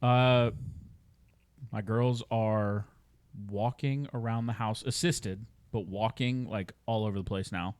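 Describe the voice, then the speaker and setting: A man's voice: on the low side, steady tone, slow, a little mellow, smooth, no room sound. A young man co-hosting a podcast in laid-back casual chat. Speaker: podcast co-host.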